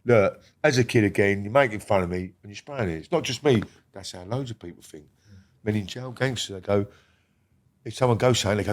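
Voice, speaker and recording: A middle-aged man, a guest in a casual podcast interview, talking bluntly with lots of swearing and often dropping to a quiet murmur. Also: a little fast. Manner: blunt and heavy on swearing, drops to a low murmur.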